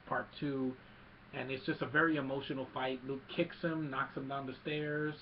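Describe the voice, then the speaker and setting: A man with a medium-pitched, flat voice and moderate pace works as a film reviewer, eagerly retelling a film's plot in a casual recap. He rambles and restarts as he goes, on a dull lo-fi recording with faint hiss.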